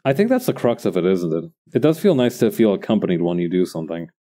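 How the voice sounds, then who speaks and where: A man's voice: low voice, big pitch swings, quick pace, warm tone. A man streaming while he crafts, chatting casually and thinking aloud to his viewers in a rambling way.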